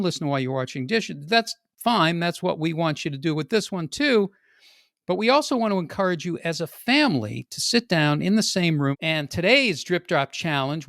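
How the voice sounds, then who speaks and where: A man hosting a podcast, opening the show in an energetic, jokey way. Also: no echo, clean studio sound. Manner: energetic and jokey, pitch jumps for emphasis. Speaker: podcast host. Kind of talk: upbeat podcast introduction.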